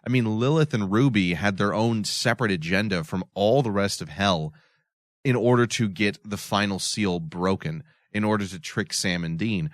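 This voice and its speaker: A man co-hosting a casual podcast, thinking out loud at length about a TV episode with many restarts. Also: fairly low pitch, normal speed, dry recording, studio quality. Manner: thoughtful, explains at length with restarts. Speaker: podcast co-host.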